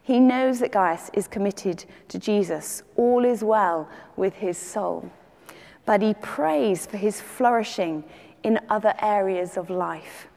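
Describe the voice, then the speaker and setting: Woman preaching a measured sermon, reverberant. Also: medium pitch. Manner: measured, gentle teaching delivery.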